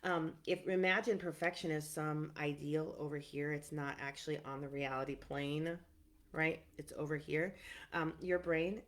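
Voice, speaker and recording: A middle-aged woman therapist teaching in a casual, animated way, often checking in with "right?" and filling pauses with "um". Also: low-pitched. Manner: animated and emphatic, frequent "right?" and "um".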